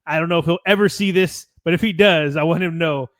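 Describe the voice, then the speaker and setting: Relaxed American man, fairly high voice. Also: fast, no echo, clean studio sound. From United States. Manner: rambling, relaxed, swears casually, reads match notes. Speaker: podcast co-host. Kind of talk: casual sports chat.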